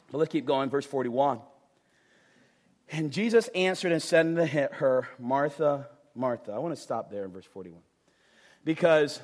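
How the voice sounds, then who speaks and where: A man in his thirties preaching a sermon, animated and playful, swinging from loud outbursts to hushed asides and repeating words for emphasis. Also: a little high. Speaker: pastor.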